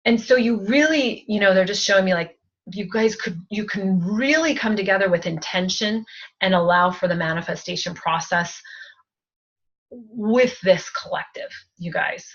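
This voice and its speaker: A woman spiritual advisor leading a group energy-healing session over a video call, speaking softly with emotional, halting phrasing and many fillers. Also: mid-range voice, highs cut off.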